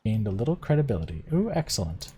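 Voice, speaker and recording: A man's voice: on the low side, very animated, fast talker, warm tone, slightly rough. A man streaming a visual novel, reading its text aloud and musing casually about his choices. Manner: casual, musing aloud between read passages. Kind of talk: let's-play game reading and commentary.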